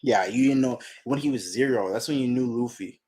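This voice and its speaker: Profane excitable man reacting aloud. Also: mid-range voice, fairly quick. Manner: profane, excitable, talks to himself while reading. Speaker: manga reaction channel host. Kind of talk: casual reaction commentary.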